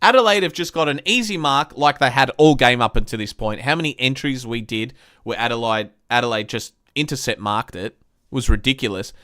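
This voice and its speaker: A young man hosts a live-stream football review, swearing and venting frustration as he goes over the game like a fed-up fan. His mid-range voice is brisk and sharp-toned, recorded dry with clean studio sound.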